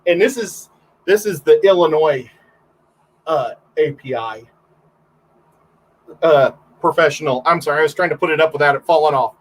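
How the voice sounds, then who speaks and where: A man's voice: on the high side, moderate pace, long pauses, low-quality recording. A man, a photographer, guesting on a livestream and telling rambling stories in casual chat, full of fillers and restarts.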